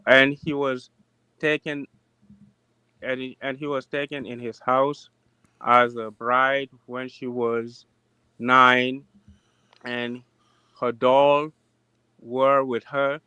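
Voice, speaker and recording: A man's voice: medium pitch, level tone, pushed and bright, clean tone, dry recording, lo-fi sound. A man in his forties calling in to a debate show, speaking hesitantly with many restarts. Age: 40s. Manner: hesitant, halting with fillers. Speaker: caller. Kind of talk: call-in debate.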